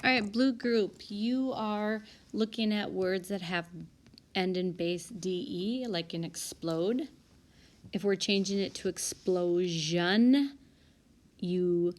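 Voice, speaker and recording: A woman teacher speaking slowly in a low voice works through spelling word sorts on a whiteboard app. She names each word and its group, pausing now and then to fix a mistake, recorded as a voice-over through a tablet mic.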